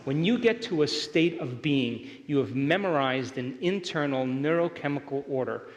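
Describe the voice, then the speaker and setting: In a hall with long reverb, a man gives a motivational seminar talk, keeping the live crowd engaged by asking if they're with him. His voice sits on the high side, moving at a moderate pace with lively intonation.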